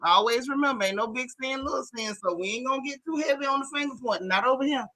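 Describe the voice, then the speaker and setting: A woman with a high voice talks quickly as she hosts a gossip stream, chatting casually and animatedly while reading her viewers' comments. She speaks straight to her chat, calling them "y'all," "baby" and "honey."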